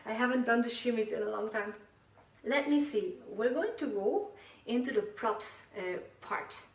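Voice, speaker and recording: Woman, dance teacher, counting beats, slow, a bit breathless, raised voice, roomy and away from the mic, loud music behind. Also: fairly high pitch, animated, recorded from a distance. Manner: counts beats aloud while dancing. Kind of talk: live online dance class, counting steps. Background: loud Middle Eastern music.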